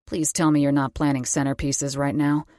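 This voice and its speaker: A man's voice: on the high side, normal speed, dry recording, voice pushed down, natural voice. A woman voicing a commanding, protective middle-aged husband who speaks firmly with dry humor. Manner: firm, steady, dry humor.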